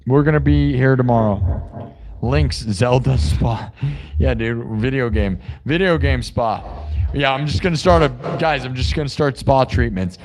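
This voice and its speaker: A man's voice: mid-range voice, measured pace, a little mellow. A man hosting a music livestream, rambling and joking casually with his chat. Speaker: livestream host.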